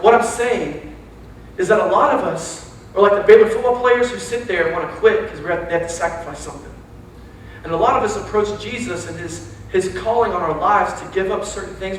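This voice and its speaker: In a large church hall, a young Texan man with a high-sitting voice preaches a casual, joking sermon to young adults, telling animated stories full of slang. The audio is very echoey, with a distant mic and faint hiss.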